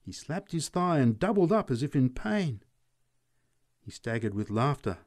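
Brief: male story reader, measured narration, animated intonation. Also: medium pitch. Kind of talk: story reading.

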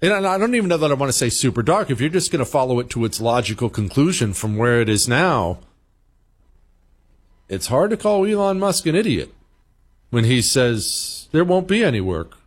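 Animated male talk host, storytelling. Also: mid-range voice, moderate pace, husky. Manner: animated storytelling, mimics beeping sounds. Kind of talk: radio talk monologue.

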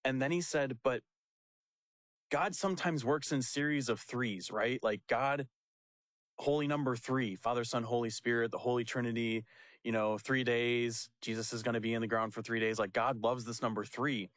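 A young pastor tells a story in a loose, chatty way. He jumps into the other people's lines and laughs as he goes. His voice sits at a middle pitch and sounds dry and close to the mic. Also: normal speed, no room sound. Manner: animated, laughing storyteller who acts out quotes. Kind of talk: casual storytelling chat.

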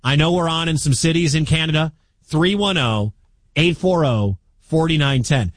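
A man's voice: on the high side, normal speed, no echo. A middle-aged man from the American Midwest hosting sports talk radio, chatty and incredulous.

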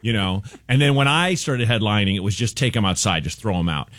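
A man's voice: on the low side, a little fast, dry recording. A man who is a comedian guest, telling a rambling story on a studio radio show, acting out voices and laughing as he goes. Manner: rambling, animated, acts out voices and laughs while telling stories.

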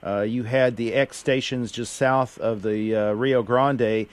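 A man's voice: medium pitch, fairly even intonation, slow, dry recording. A man hosting a morning radio call-in show who chats easily, laughs often and likes to say "I tell you what.". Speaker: radio host.

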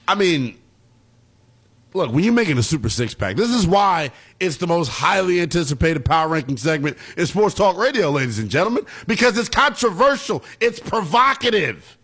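Husky young male sports radio host. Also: a little high, fairly bright tone. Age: young adult. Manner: playful, laughs often, riffs with callers. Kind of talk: late-night sports call-in radio.

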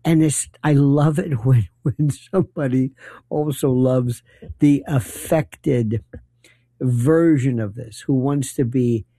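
A man's voice: medium pitch, slow, mellow, no echo. A middle-aged man hosting a late-night talk radio show, delivering a rambling, opinionated and wry monologue.

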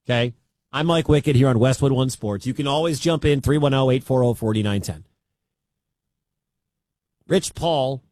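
A man's voice: mid-range voice, no room sound. A man hosting a sports radio show, talking in an emphatic way and repeating his key points.

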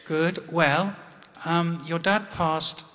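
An English man voicing his gentle middle-aged wife on the phone, raising his voice. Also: fairly high pitch, steady tone, drawn-out words, pitched above the performer's own voice, heavily acted. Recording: long hall reverb.

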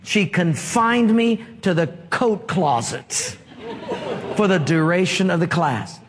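A male pastor delivers a sermon in a high, light voice, taking his time with each phrase. He mixes humor and storytelling with his message. The sound carries a long reverb from a large hall. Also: slow, crowd noise.

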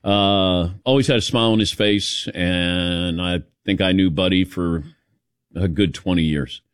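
A man's voice: low voice, measured pace, clear, resonant tone, no room sound, clean studio sound. A man hosting a talk radio show, chatting casually with his co-hosts and taking calls from listeners. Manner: warm storytelling, takes callers.

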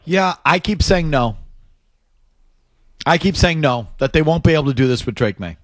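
A man's voice: fairly high pitch, expressive, moderate pace, no room sound, clean studio sound. A man hosting a sports talk radio show, taking listener calls and joking with his co-host.

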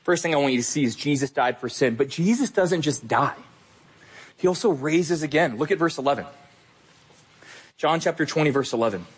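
A pastor delivering an emphatic, earnest sermon, repeating key phrases. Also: male voice, on the high side, lively intonation, a little fast, pauses often, husky.

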